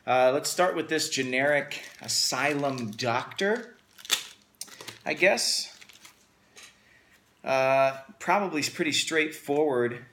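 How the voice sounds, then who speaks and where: A man's voice: a little high, expressive, takes it slowly, pauses often, a bit bright, slight background noise. A man hosting a casual unboxing video, talking with upbeat enthusiasm. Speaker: host.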